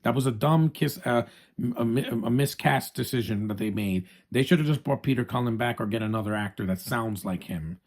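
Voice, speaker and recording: A man's voice: medium pitch, brisk. Chatty, opinionated man reviewing a movie. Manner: chatty, opinionated, frequent restarts, addresses viewers as guys.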